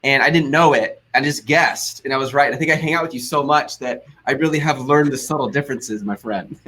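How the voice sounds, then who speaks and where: An upbeat American man hosts a live business webinar, his voice sitting at an ordinary middle pitch. He chats casually, tosses in asides and laughs easily while taking viewer questions. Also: brisk, sharp tone. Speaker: host.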